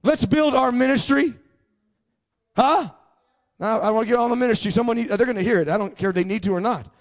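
Pastor, male, high voice, emphatic sermon delivery with call-and-response prompts to the congregation. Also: fairly quick.

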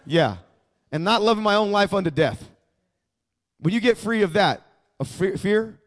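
A man's voice: high-pitched, expressive, unhurried, long pauses. A male pastor preaching a sermon, emphatic and prompting the congregation to repeat after him.

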